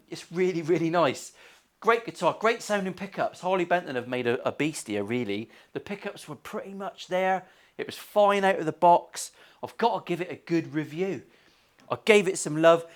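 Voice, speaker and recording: Sweary luthier with a slightly high voice. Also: male voice, fairly bright tone. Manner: sweary, jokey banter. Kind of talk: casual workshop vlog. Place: guitar workshop.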